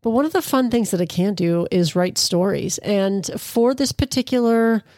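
A woman's voice: medium pitch, expressive, normal speed, a little mellow, no room sound, clean studio sound. A woman hosting a podcast, chatting casually with playful asides while introducing listener submissions. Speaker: podcast host.

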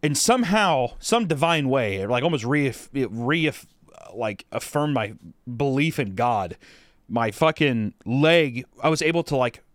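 Young male podcast co-host, mid-pitched, loose rambling storyteller who swears a lot, dry close mic. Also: lively intonation, measured pace, dry recording. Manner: rambling, heavy swearing, lots of fillers. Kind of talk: casual storytelling.

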